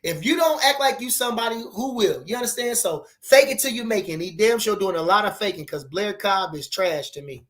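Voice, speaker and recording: Male boxing-stream host, loose and animated, slangy, repeats himself, reads viewer comments. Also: high voice, brisk, hardly any pauses. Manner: animated, slangy, repeats phrases, laughs often. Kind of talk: casual livestream chat reading viewer comments.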